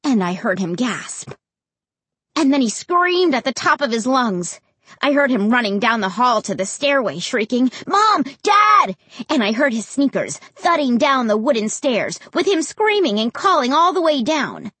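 A woman narrates a first-person storybook with an expressive, dramatic delivery. Her voice sits a bit high and moves a lot. It is husky and breathy, recorded dry and close. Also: moderate pace, dry recording. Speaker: audiobook narrator.

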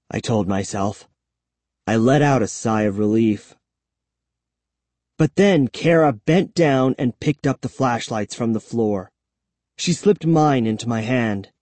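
A narrator reading a first-person story aloud in a slow, measured, lively way. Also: medium pitch, no echo. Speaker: audiobook narrator.

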